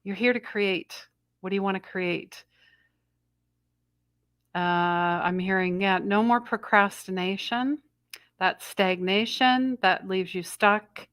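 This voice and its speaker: A woman's voice: medium pitch, fairly even intonation, slow, pauses often, a bit bright, clean tone, dry recording, clean studio sound. A middle-aged woman hosting a live spiritual energy update, rambling and breaking off mid-sentence as she passes on messages she says she hears. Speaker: intuitive astrology host.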